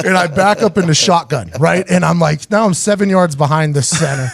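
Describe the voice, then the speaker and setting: A young man with a mid-range voice talks fast in a dry recording while hosting a talk show. His casual story is long, animated, and profane, and he acts out the lines other people said.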